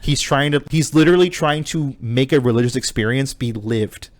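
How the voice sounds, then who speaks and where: A man's voice: medium pitch, normal speed, dry recording. A man co-hosting a podcast, casually retelling a video game story with lots of swearing and filler. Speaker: podcast co-host. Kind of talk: casual chat.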